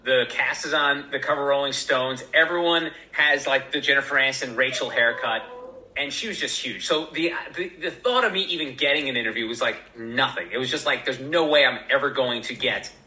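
A man telling a story as a podcast guest in a casual, animated way, acting out the voices of the people in it. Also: medium pitch, brisk, reverberant, poor audio. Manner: animated, acts out voices in quotes.

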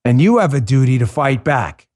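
A man's voice: mid-range voice, big pitch swings, normal speed, darkish tone. Impassioned man hosting a talk show. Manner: impassioned, emphatic, repeats words for stress. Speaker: podcast host. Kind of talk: political talk show monologue.

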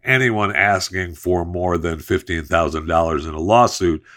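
A podcast host with a low, slightly bright voice speaks at a normal speed. He reads an ad in a loose, jokey style with playful asides, then moves into casual sports news talk.

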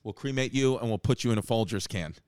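A man hosting a casual chat, telling stories in an animated way and acting out what people said. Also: medium pitch, quick pace, smooth, no room sound. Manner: animated, acts out quotes.

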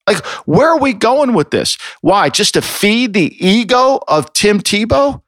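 A man's voice: sits high, big pitch swings, unhurried, a bit bright, no echo, clean studio sound. Ranting, exasperated male podcast host. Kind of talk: heated sports opinion talk.

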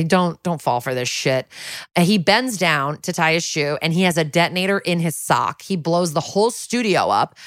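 Podcast co-host, female, deep register, close dry mic, storyteller who acts out the dialogue. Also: no room sound. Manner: animated retelling, acting out quotes, wry asides. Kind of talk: casual recap storytelling.

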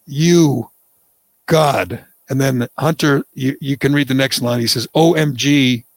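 Sarcastic talk host, gravelly voice. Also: male voice, medium pitch, measured pace, no room sound. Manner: sarcastic, mocking, scornful. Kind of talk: opinionated political talk radio commentary.

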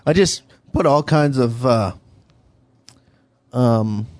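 A man's voice: medium pitch, extremely slow, darkish tone, no room sound. A young man co-hosting a casual talk show, teasing and sarcastic. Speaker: show co-host. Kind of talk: casual studio chat.

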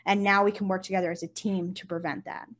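A woman, a nurse and company founder, talking casually in an interview and telling stories with lively, acted-out quotes. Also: mid-range voice, fast talker. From United States. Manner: animated storyteller, acts out quotes, swears casually.

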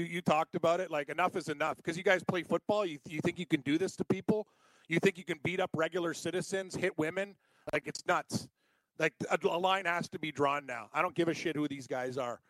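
A man co-hosting a sports talk show with a slightly raised pitch. He talks emphatically, repeating phrases for weight, on a close, dry mic. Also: fairly bright tone, dry recording, low-quality recording. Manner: emphatic, repetitive, agreeing. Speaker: sports podcast co-host.

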